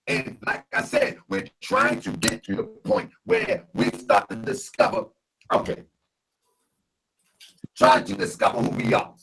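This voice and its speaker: A man teaching a lesson in an emphatic, drawn-out preaching style, shouting now and then, his voice warped by a robotic auto-tune-like distortion on an online call. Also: medium pitch, huge pitch swings, gravelly, slight background noise.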